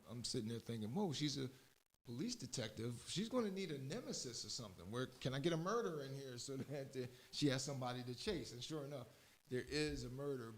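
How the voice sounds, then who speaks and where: A man with a Philadelphia-area accent hosts a casual talk radio show, chatting in a loose, rambling way. He keeps stopping to correct himself mid-sentence, and his voice sits in an ordinary middle range. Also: mid-range voice. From southeastern Pennsylvania.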